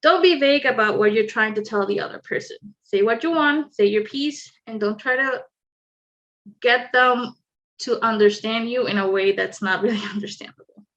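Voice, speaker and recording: Female workshop presenter, higher-pitched, clear and instructive, dull video-call audio. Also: moderate pace, a bit bright. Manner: clear instructive delivery with light asides. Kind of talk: online training presentation.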